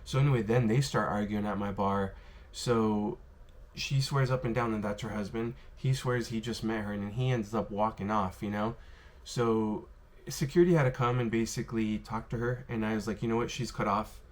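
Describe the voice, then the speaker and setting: A man with a fairly low voice tells stories straight to the camera in an easy, conversational way. He rambles, circles back, and leans on "um" and "you know" as he goes. The delivery is relaxed and unscripted. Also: moderate pace. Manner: rambling, filler-heavy, lots of "you know" and "um". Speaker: former bartender telling stories. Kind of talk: casual storytelling to camera. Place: worked in Las Vegas.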